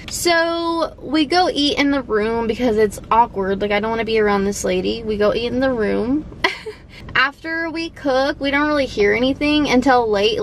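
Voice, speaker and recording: A young woman vlogger telling a story casually, animated, swearing, with lots of "like". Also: fairly high pitch, slight background noise, low-quality recording.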